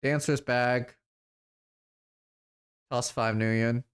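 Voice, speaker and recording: A man playing through a video game on stream, talking casually and reading its text aloud. His delivery is relaxed and a little hesitant, with pauses as he goes. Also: mid-range voice, clear, resonant tone.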